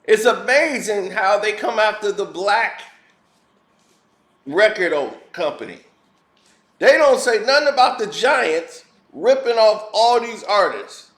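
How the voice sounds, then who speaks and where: A man with a high-pitched voice delivers a blunt, heated, preachy opinion rant. He talks as a commentary vlogger. His voice rings in a roomy echo. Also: very animated, slow, fairly bright tone.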